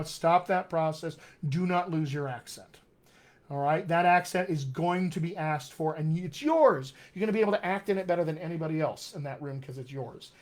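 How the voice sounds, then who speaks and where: A man coaching accents live, talking straight to his viewers and reading their comments aloud. His voice sits a little high for a man, and he drives points home by repeating them warmly. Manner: encouraging, emphatic repetition. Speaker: dialect coach. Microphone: webcam or computer mic.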